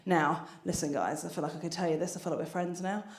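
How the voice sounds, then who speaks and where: A woman's voice: lowish voice, fairly even intonation, quick pace, echoey room. A woman doing a chatty, self-deprecating stand-up set on a theatre stage, with lots of filler restarts. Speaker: stand-up comedian. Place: theatre stage before an audience.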